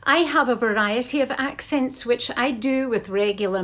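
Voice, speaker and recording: A voiceover artist from South Africa with a fairly high voice, performing a comic showreel of put-on accents. She keeps her delivery dry and tongue-in-cheek, playing each accent for the joke. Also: moderate pace, few pauses, fairly bright tone.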